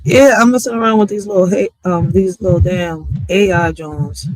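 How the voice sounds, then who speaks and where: A woman's voice: lowish voice, fairly even intonation, normal speed, a little mellow, no room sound. A woman in her thirties talks casually and freely to her viewers, swearing and breaking into laughter. The sound is dry and close, with no room around it. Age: 30s. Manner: loose, profane and laughing. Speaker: poet and streamer.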